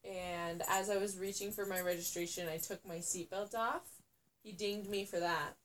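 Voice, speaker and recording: A woman chatting casually, recounting a minor story in a relaxed way. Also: medium pitch, moderate pace, a little hiss or hum. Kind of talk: casual chat.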